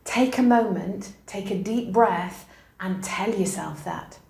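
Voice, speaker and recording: A middle-aged woman who teaches at a university answers interview questions, sharing anecdotes in an emphatic, encouraging manner. Her voice is medium in pitch, slow, gravelly and a bit mellow. The room she's recorded in is echoey.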